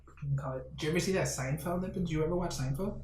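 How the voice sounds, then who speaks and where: This male podcast host talks very fast in a fairly high, slightly mellow voice, casually chatting and telling self-deprecating stories. The room is echoey, the mic is distant, and there's faint noise.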